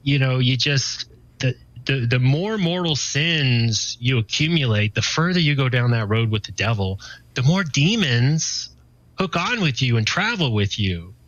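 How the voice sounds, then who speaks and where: A man's voice: medium pitch, animated, measured pace, a bit bright, no room sound, dull audio. A man in his forties, a guest telling his personal faith testimony in casual, earnest talk, full of "you know" and restarts.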